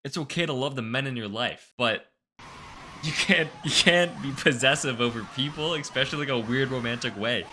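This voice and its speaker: A man's voice: mid-range voice, normal speed, a little hiss or hum. A man hosting a reaction video, commenting casually in an incredulous, stammering way with nervous laughs. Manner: animated, incredulous, stammering exclamations.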